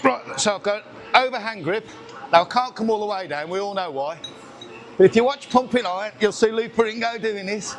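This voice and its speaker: A gym vlogger with a high-pitched voice chats casually and a little fast while training in a busy gym, with crowd noise around him. He counts reps and gets out of breath between sets, picked up by a camera on a tripod nearby.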